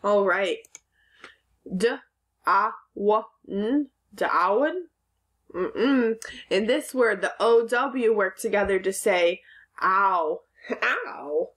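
A woman's voice: medium pitch, takes it slowly. A woman teaching a recorded phonics lesson to children, patiently sounding out letters and words.

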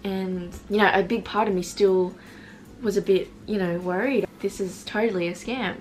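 A woman's voice: mid-range voice, fairly even intonation, normal speed, slight background noise. A woman in her late teens telling a storytime to her camera, chatty and self-mocking, with lots of "like". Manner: reads out old messages in put-on voices. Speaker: vlogger. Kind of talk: casual storytime.

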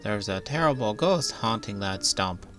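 A man's voice: lowish voice, animated, measured pace, fairly bright tone, soft background music. A man voicing a jumpy male newt who hisses out urgent warnings in a storybook reading. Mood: scared.

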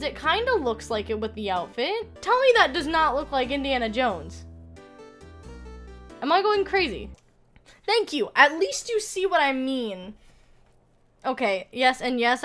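Brief: young female streamer, slightly high voice, joking commentary over game music. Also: a bit bright. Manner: giggly, crude and joking, reads game lines aloud in voices. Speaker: let's play streamer. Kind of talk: casual gameplay commentary.

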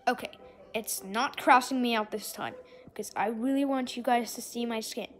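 A young female gamer giving excitable gameplay commentary, often breaking into shrieks and exclamations. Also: on the high side, normal speed.

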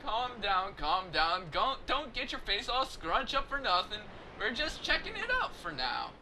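A man playing a brash old riverboat captain, loud and boisterous and always excited, from a video game. The voice is bright and lively, and he talks at an unhurried pace. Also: high-pitched, a little hiss or hum, heavily acted, poor audio. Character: brash excited older male boat captain.

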